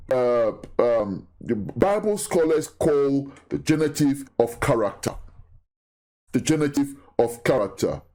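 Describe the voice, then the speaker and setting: A man giving a recorded Bible teaching, who talks deliberately, repeats key phrases and asks his listeners questions. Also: medium pitch, a little mellow.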